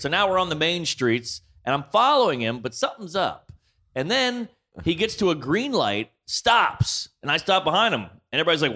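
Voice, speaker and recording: Excitable guy telling a crazy story on a podcast, high and bright, pitch all over the place. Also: fairly quick. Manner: loud excitable storyteller who acts out screams. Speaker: podcast host. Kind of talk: animated comedic storytelling. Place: on-the-road recording with guests.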